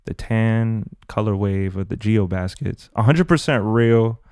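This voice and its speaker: Gravelly low-voiced podcast host. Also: male voice, unhurried, no echo, studio quality. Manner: relaxed, friendly, loose rambling talk. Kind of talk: casual chat.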